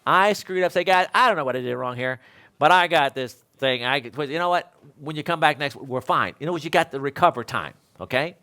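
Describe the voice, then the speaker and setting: A man's voice: on the high side, fairly quick, bright, forceful tone. A man teaching other instructors, telling a story in a panel discussion and acting out both sides of it. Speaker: electrical code instructor.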